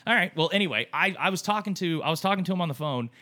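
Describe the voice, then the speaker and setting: A man in his thirties, co-hosting a casual podcast chat, tells an emotional story in a high-pitched, animated, racing voice with a sharp tone. He rambles, restarts often, and swears now and then.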